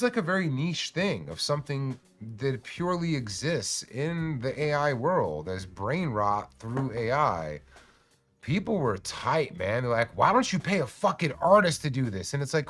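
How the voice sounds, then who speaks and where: A man's voice: mid-range voice, fairly bright tone. A man hosting a casual livestream, chatting in a rambling, joking way and swearing freely. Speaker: cannabis streamer and host.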